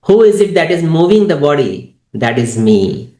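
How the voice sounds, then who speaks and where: A man's voice: fairly high pitch, big pitch swings, moderate pace, mellow, echoey room. A man teaching a meditation lesson, asking his audience check questions over and over. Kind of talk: interactive online spiritual lesson.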